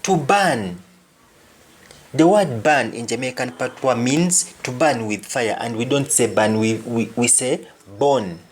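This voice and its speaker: A man's voice: mid-range voice, animated, measured pace. A man teaching a language lesson, explaining carefully and repeating each example phrase twice before translating it.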